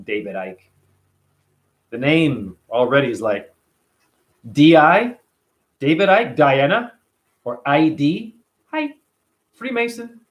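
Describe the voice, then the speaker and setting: A man with a notably high-pitched voice delivers a casual vlog monologue. He talks emphatically and with animation, and swears freely along the way. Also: animated, slow, long pauses. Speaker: vlogger.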